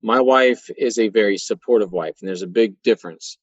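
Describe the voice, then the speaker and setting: A man, telling stories in a folksy, animated way as a guest in a conversation. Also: on the low side, brisk, no echo. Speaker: guest, auto repair shop owner. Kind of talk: conversational interview storytelling. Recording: dry, muffled sound.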